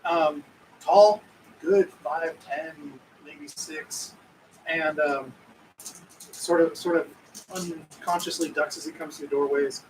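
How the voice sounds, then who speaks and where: A man's voice: a little high, steady tone, slow, distant mic, a little hiss or hum, poor audio. A man narrating as game master, rambling and searching for words.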